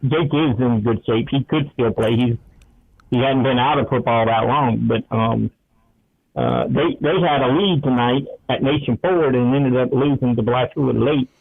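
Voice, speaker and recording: A man's voice: mid-range voice, moderate pace, vocal fry, husky. A man, a radio sports talk co-host, telling chatty football stories and acting out the quotes. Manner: chatty storyteller, acts out quotes. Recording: tinny phone-like radio line.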